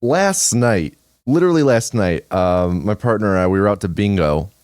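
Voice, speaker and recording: A man's voice: fairly low pitch, animated, moderate pace, heavy background noise. A man co-hosting a podcast in casual chat, teasing and chiming in with wry remarks. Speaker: podcast co-host.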